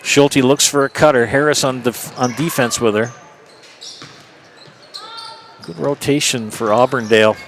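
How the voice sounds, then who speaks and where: A man calling a high school basketball game play-by-play, brisk, and rising for big plays. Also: steady tone, slight background noise. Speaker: play-by-play announcer.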